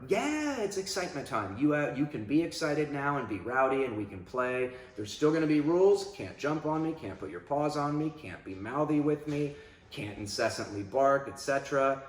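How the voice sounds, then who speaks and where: A man, a dog trainer, explaining handling in a casual instructional talk, breaking into loud, animated demonstrations of commands. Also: mid-range voice, normal speed, reverberant.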